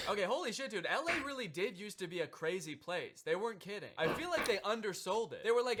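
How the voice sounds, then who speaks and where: Guy with a high voice doing sarcastic comedy commentary, super lively delivery, keeps jumping into mock voices. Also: fast, hardly any pauses, noisy background.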